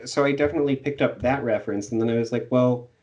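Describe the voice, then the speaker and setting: A man's voice: mid-range voice, fast, darkish tone, dull audio. Man chatting about a book, slightly distant mic. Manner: laughs often, hesitant with fillers. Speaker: podcast co-host. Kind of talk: casual book discussion.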